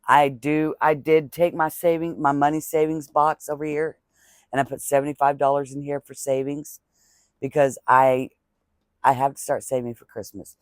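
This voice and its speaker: A man's voice: a little high, flat delivery, normal speed, clean tone, dry recording. Earnest rambling man, dry close sound. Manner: religious blessings and thanks to viewers. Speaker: crochet vlogger. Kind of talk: casual talking-to-camera vlog chat.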